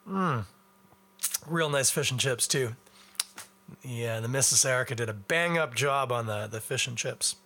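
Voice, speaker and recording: A man's voice: mid-range voice, bright, forceful tone. A middle-aged man from Canada hosting a beer podcast in a chatty, wry, rambling way. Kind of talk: casual beer review chat.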